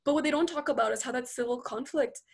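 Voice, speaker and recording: A woman chats casually, with a high and slightly husky voice. She tells stories with lots of energy, acts out what others said, and says "like" often. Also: fast. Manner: animated storytelling, many "like"s, acts out quotes. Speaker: guest. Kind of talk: casual chat.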